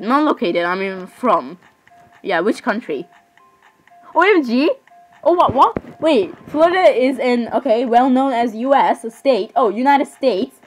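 A woman's voice: a little high, poor audio. Chatty, dramatic teenage girl. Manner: fillers, restarts and repeated apologies, chatty and dramatic. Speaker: vlogger. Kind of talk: casual rambling chat.

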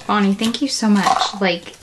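A woman's voice: mid-range voice, fairly even intonation, unhurried, heavy background noise. A woman in her thirties unboxing a craft package at home, gushing with gasps and breathless exclamations. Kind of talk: excited unboxing chat. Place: home room.

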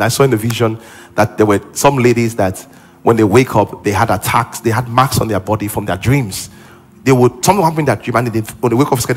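A man preaching a sermon as pastor in a church auditorium, building to exclaimed emphasis. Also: medium pitch.

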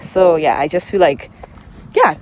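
A woman's voice: deep voice, measured pace, slight background noise. Rambling woman vlogging outdoors. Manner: emotional, rambling, laughs through tears. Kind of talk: heartfelt vlog talk while walking outdoors. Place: outdoors on a walk in public.

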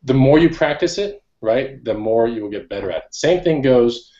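A man's voice: medium pitch, expressive, moderate pace, warm tone. A man hosting a casual chat, talking in a rambling way with laid-back slang. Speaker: host. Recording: dull lo-fi sound.

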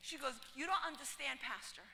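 A woman pastor telling a story in a children's sermon, acting out the dialogue and swinging from hushed tones to loud calls. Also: high-pitched, expressive, fairly quick, creaky, long reverb tail. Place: large church hall.

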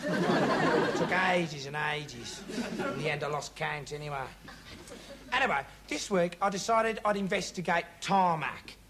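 A man's voice: high-pitched, close to an everyday voice. A man playing a dim young would-be investigator who rambles earnestly, padding every sentence with "like" and "right". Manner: meandering, earnest, full of 'like' and 'right'. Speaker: comic investigator character. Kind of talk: rambling comic monologue to camera. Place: TV studio before a live audience. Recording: TV studio with audience laughter and noise.

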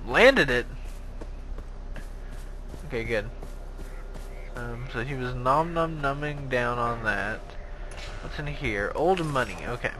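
A young man playing a video game and commenting in a sarcastic, excitable, self-mocking way. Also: mid-range voice, slow pace, pauses often, music in the background, low-quality recording. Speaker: gaming video host. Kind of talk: let's play commentary.

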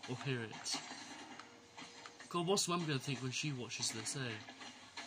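A man's voice: medium pitch, slow pace. A man giving playful, chatty gameplay commentary from his bedroom, breaking into exclamations. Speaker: gaming YouTuber. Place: bedroom at home. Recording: loud background noise.

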